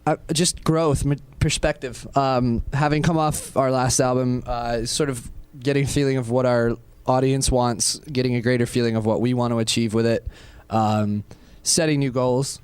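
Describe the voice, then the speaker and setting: Young male musician, smooth resonant voice, easygoing backstage banter. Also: medium pitch, fairly even intonation, normal speed, hardly any pauses, a little mellow, no echo. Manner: laid-back, laughs often, jokes with bandmates. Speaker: band member interviewed. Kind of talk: casual backstage interview.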